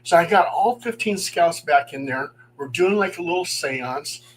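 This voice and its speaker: Lively man telling ghost stories. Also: on the high side, normal speed, slight background noise, rough recording. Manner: animated, acts out quoted voices, chuckles as he talks. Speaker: paranormal investigator and guest storyteller. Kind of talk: telling true ghost stories on a live stream.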